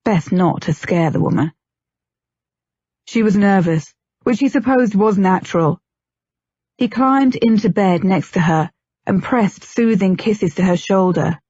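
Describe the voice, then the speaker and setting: Husky woman narrating an audiobook. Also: mid-range voice, lively intonation, measured pace, warm tone, dry recording. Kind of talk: scripted narration. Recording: dull lo-fi, dry.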